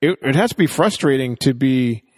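A man's voice: medium pitch, expressive, moderate pace, darkish tone, in a large hall. A man co-hosting a casual TV episode recap, thinking aloud in long, rambling analysis. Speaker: podcast co-host.

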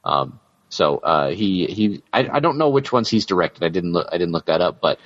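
Low-voiced guy rambling and laughing on a podcast, kinda muffled audio. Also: sing-song, normal speed. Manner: laughs often, rambling with fillers. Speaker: podcast co-host. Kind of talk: casual podcast chat. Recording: dull lo-fi audio.

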